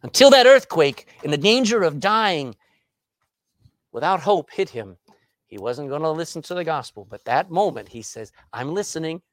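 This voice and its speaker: A man preaching a sermon, asking rhetorical questions and swinging between loud and soft. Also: on the high side, sing-song, moderate pace, no echo.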